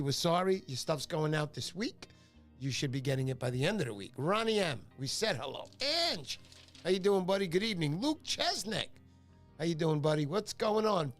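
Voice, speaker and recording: Greeting his viewers by name, a middle-aged fishing show host jokes and chats his way through a casual livestream from home. His voice is gravelly and fairly high-pitched.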